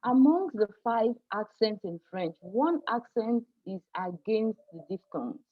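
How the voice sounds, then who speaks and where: A woman's voice: medium pitch, sing-song, measured pace, phone-quality sound. A woman teaching French pronunciation in an online class, patient and apologetic, often laughing and calling students dear.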